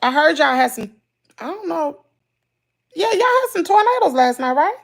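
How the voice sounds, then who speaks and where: A woman's voice: extremely high pitch, normal speed, creaky. A woman from Mississippi with a Southern accent, hosting a casual livestream, telling stories with country slang and reading comments aloud. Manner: animated storytelling, loud laughter, country slang. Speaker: livestream host.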